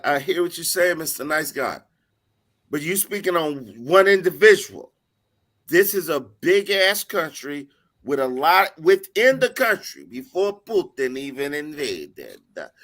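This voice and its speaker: A man with a high, bright, forceful voice argues on a casual panel podcast. He is blunt and profane and keeps cutting in over the others. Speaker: podcast co-host.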